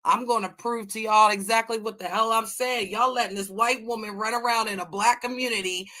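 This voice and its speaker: A woman's voice: fairly high pitch, fairly even intonation, fairly quick, bright, forceful tone. A woman from the United States hosting a livestream, ranting in a brash, profane, combative way. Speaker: livestream host. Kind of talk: heated livestream chat.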